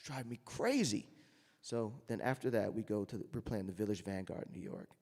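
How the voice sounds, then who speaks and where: Low-voiced man telling stories in a hall. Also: fast, vocal fry. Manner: storytelling, acts out quoted voices loudly. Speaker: jazz trumpeter telling his story. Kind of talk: anecdotal talk to an audience.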